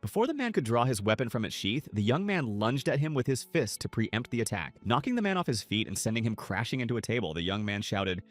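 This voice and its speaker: A man narrating a scripted story recap in a steady storytelling manner. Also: fairly low pitch, fast, few pauses. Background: soft music.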